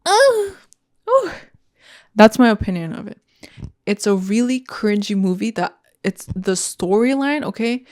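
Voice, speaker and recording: A woman's voice: medium pitch, normal speed, a little mellow. Blunt, profane woman podcaster. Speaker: podcast host. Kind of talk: casual solo podcast rant.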